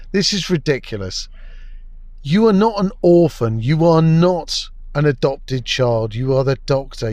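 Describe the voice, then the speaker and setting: A man with a mid-range, a little mellow voice gives a scornful, crude and exasperated review of a TV episode. It's ranting review commentary, recorded dry.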